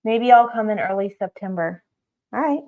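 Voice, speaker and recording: A woman's voice: medium pitch, animated, normal speed, narrow, tinny audio. A woman co-hosting a casual livestream, easygoing as she talks to viewers about family and the pet. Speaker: livestream co-host.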